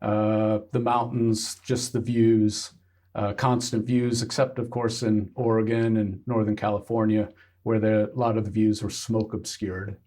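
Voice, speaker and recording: A man from Kansas, a guest on a podcast, telling stories in a halting way with many pauses and fillers. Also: fairly low pitch, little pitch movement, a little mellow. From Kansas, United States. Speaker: guest hiker. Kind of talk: casual interview.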